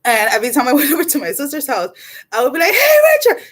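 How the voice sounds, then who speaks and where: Speaking rapid-fire in a voice that sits high, this forties-aged intuitive card reader hosts a casual livestream chat. Blunt and animated, she laughs frequently and swears casually.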